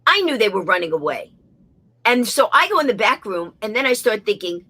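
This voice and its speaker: A woman guest telling a comic story with lively delivery, acting out the voices of the people in it. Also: medium pitch, fairly quick, husky. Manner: animated, acts out the voices in her story.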